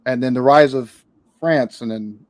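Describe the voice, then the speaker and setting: A man's voice: medium pitch, measured pace, no echo. A man from the United States, the guest on a casual interview, who rambles, restarts often and swears casually. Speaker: podcast guest, reaction channel creator.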